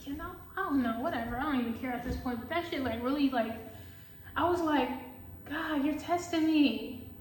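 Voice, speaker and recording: A woman who reads tarot, telling a story in casual vlog chat, animated and full of filler words and swearing. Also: sits high, fast talker, echoey room, far from the mic, slight background noise, rough recording. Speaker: tarot reader.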